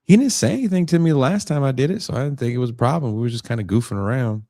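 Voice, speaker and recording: A man doing a rushed, nervous teenage boy. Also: medium pitch, warm tone, dry recording, voice pushed up, close to an everyday voice. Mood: defensive.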